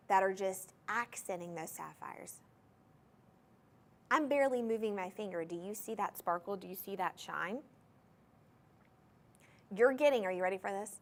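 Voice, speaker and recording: A woman hosting a shopping channel, gushing enthusiastically as she pitches jewelry straight to viewers in a TV studio. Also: fairly bright tone. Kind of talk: live TV jewelry sales pitch.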